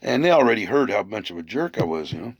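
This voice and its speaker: Gravelly man rambling through a story. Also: fairly low pitch, very animated, fast talker, no echo. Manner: rambling, repeats words, many fillers. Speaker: vlogger. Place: living on the road, camp.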